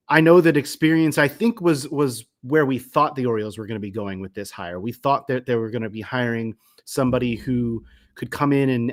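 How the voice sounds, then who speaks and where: A man co-hosting a sports podcast, talking casually and often restarting his sentences. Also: mid-range voice. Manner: hesitant, many restarts and repeated words.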